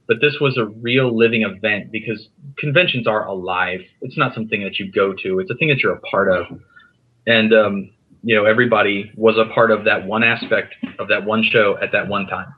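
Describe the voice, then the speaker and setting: A man telling an animated, rambling story as a podcast guest, with many restarts. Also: lowish voice, fairly quick, husky, narrow, tinny audio. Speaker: podcast guest, comics writer. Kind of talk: casual storytelling. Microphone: remote call.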